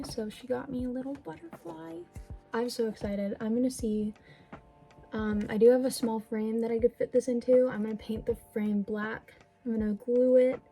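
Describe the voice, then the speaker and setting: A young woman talks casually to her camera at home, gushing over each gift and scattering fillers and sorries as she goes. Her voice sits a little high with a mellow, warm tone. Soft background music plays faintly behind her. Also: creaky, rough recording. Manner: gushing, chatty, many fillers and apologies. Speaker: vlogger. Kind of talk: casual vlog unboxing. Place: indoors at home.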